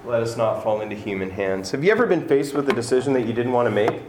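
A man's voice: medium pitch, expressive, fast. A male pastor delivers a sermon in an earnest, conversational tone. His voice sits in a middle register and rises in emphasis on key points. The room echoes around him, with faint noise underneath.

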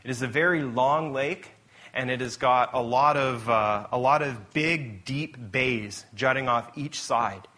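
This pastor's sermon comes across as relaxed and conversational, his medium-pitched voice moving a little slowly. He tells stories, often starting sentences over and correcting himself.

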